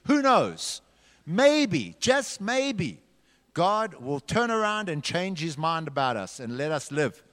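A man with a fairly high voice leads an interactive Bible story, dramatic and full of direction for his young group. His pitch leaps around expressively. The sound rings with the long reverb of a large hall. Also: big pitch swings, slow, a bit bright. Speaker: children's church leader.

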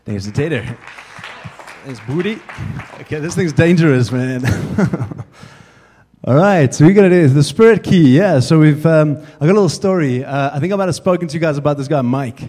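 A man's voice: on the high side, lively intonation, moderate pace, warm tone, some chatter behind, a little hiss or hum. A man telling a casual, chatty story as part of a sermon. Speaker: preacher. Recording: echoey hall.

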